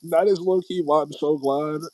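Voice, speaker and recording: A man's voice: a little high, steady tone, normal speed, warm tone, no room sound, low-quality recording. Young man rambling on a livestream. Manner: rambling, filler-heavy and slangy. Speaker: livestream host. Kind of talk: casual chat.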